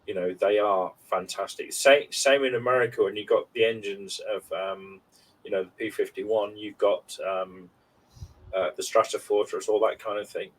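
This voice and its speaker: A man's voice: on the low side, fairly even intonation, normal speed. A man in his forties on a podcast, telling stories in a rambling, heartfelt way with many fillers. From United Kingdom. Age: 40s. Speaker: podcast co-host. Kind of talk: casual chat. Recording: slightly distant mic with faint background noise.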